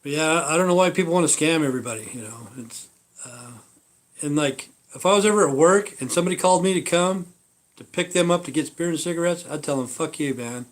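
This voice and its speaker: A man's voice: on the high side, fast talker. Rambling, profane man on a live stream. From Idaho. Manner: profane, meandering storytelling.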